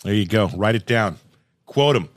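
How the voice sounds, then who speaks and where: Dude hosting a podcast, dry close mic, quick upbeat questions. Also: male voice, fairly low pitch, expressive, no echo. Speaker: podcast host. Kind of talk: casual chat.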